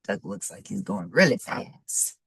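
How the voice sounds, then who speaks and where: A woman's voice: extremely low pitch, very animated, measured pace, vocal fry, husky, no echo, clean studio sound. A middle-aged woman reading a picture book aloud to children, adding friendly asides about the pictures. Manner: warm asides to young listeners. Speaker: storybook reader.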